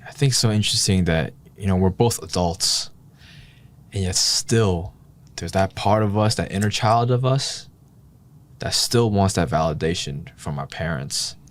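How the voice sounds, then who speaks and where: A man with a low, deep voice, co-hosting a podcast in a relaxed, heartfelt conversation. He reflects openly and candidly, thinking out loud and letting out the odd sigh as he works through his thoughts. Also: moderate pace. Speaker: podcast co-host. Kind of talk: casual heart-to-heart chat.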